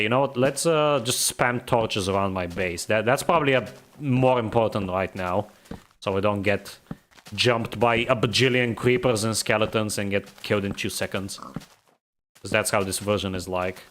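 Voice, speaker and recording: A man's voice: fairly low pitch, a bit bright, a little hiss or hum. A man from the Balkans, streaming a game and chatting casually, grumbling and rambling as he laughs at himself.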